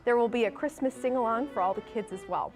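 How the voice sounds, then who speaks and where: A woman's voice: on the high side, quick pace, music in the background. A woman from New Orleans anchoring a morning TV newscast, reading local stories and chatting playfully with her co-anchor. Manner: bright, chatty, teasing. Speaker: TV news anchor. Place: TV news studio.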